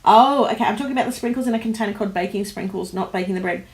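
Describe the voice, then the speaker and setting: An Australian woman hosting a casual livestream, chatting and reading out comments, animated, with frequent laughs and fillers. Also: mid-range voice, rapid-fire. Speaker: host of a planner livestream. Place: home office.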